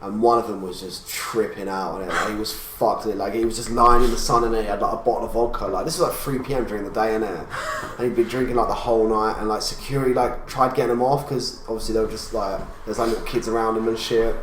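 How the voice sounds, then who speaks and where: A man's voice: on the low side, steady tone, fast. A young man hosting a podcast, chatting casually and telling stories in slang. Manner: slangy storytelling, acts out quotes. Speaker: podcast host. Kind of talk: casual chat. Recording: roomy, background noise.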